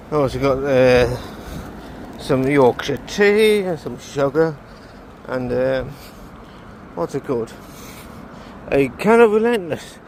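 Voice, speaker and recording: A man's voice: medium pitch, a little mellow, a little hiss or hum. A tired man vlogging casually, rambling and correcting himself as he goes. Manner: rambling, halting, self-correcting. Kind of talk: casual vlog monologue.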